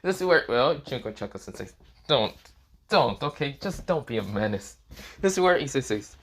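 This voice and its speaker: A man's voice: medium pitch, lively intonation, moderate pace. A young man improvising fan-fiction narration, rambling with lots of fillers and swearing. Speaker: storyteller.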